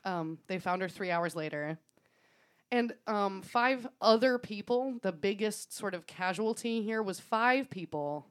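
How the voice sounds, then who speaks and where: A woman on a podcast recounts a story in relaxed, chatty fashion. Her pitch sits in an ordinary middle range, and she scatters fillers and the odd swear word through her telling. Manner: laughs often, swears casually, fillers like "um" and "like". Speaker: podcast co-host. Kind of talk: casual storytelling chat.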